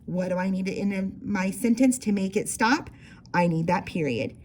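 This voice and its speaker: A woman teaching a young children's writing lesson, sounding out words slowly and encouraging her students. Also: medium pitch, darkish tone, slight background noise. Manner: slow, stretched-out word sounding for young children. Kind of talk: early-grade writing lesson.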